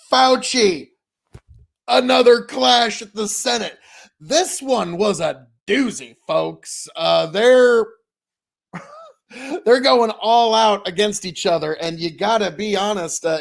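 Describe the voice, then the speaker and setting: A man's voice: sits high, creaky. A man hosting a casual video commentary, chatty and folksy, rambling and sending blessings to his viewers. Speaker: political commentary vlogger.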